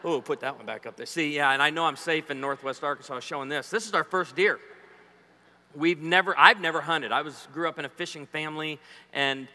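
A forties-aged man preaches a lighthearted sermon, bantering playfully with the crowd, cracking jokes and spinning stories. He speaks briskly in a slightly high, bright, forceful voice, recorded with long hall reverb.

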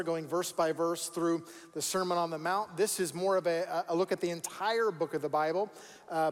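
High-voiced pastor preaching in a hall. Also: male voice. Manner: conversational, repeats words for emphasis. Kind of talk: sermon. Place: church sanctuary.

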